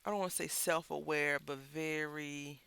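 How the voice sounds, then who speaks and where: A man's voice: fairly high pitch, fairly even intonation, normal speed, gravelly, pushed and bright, smooth, no echo. A man chatting casually to viewers while making a craft album, telling a rambling, candid story and addressing them as y'all. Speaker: craft vlogger.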